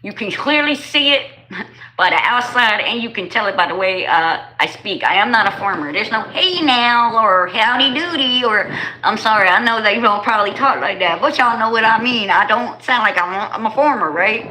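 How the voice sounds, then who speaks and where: Bright-voiced woman streamer. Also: mid-range voice, fairly quick, slight background noise, poor audio. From New Jersey. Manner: animated, slangy, talks straight to chat. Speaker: livestreamer. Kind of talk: casual livestream chat with viewers.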